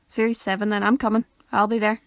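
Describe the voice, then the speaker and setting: A woman's voice: medium pitch, little pitch movement, quick pace, dry recording, studio quality. A young woman, co-hosting a podcast in playful casual chat. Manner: playful, quotes lines in funny voices. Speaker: podcast co-host.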